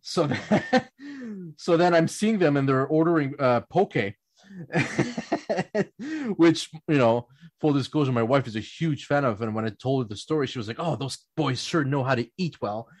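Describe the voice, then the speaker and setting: A man, hosting a podcast and telling lively anecdotes between laughs, often slipping into playful voices for other people. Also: a little high, unhurried, no echo. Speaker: podcast host. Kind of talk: casual storytelling chat.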